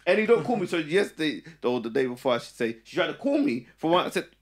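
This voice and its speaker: Gravelly animated young Englishman. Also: quick pace. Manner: animated storyteller, big pitch jumps. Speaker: podcast co-host. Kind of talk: casual chat.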